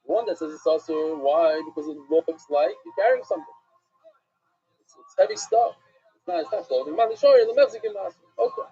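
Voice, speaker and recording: Man from Brooklyn, New York accent, husky high voice, informal Talmud class, dull lo-fi sound. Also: a little fast, warm tone. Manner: rambling, conversational, with asides. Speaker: rabbi teaching Talmud. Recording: dull lo-fi recording.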